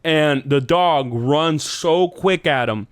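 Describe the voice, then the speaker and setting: A man tells a long, meandering story on a podcast, swearing freely and popping into high voices when he quotes people. His voice is smooth and clear. The sound is dry and close. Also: slow, no room sound. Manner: rambling, profane, jumps into high voices quoting people. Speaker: podcast host. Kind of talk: casual storytelling chat.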